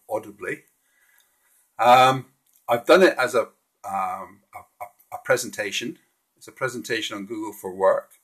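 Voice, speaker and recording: A man's voice: lowish voice, a bit bright, husky. A man hosting a casual live stream, walking through slides in a friendly, hesitant way with frequent restarts.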